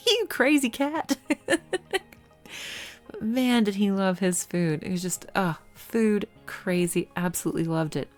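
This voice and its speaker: A woman telling stories about her cat in a casual vlog, animated and often laughing, with quoted lines in a much higher voice. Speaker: pyrography artist and video host.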